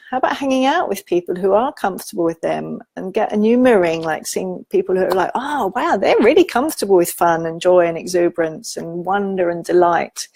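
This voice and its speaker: A woman giving a gentle, informal talk on parenting, teaching with soft asides and quoted examples. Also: mid-range voice, gravelly, dry recording. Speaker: parenting educator.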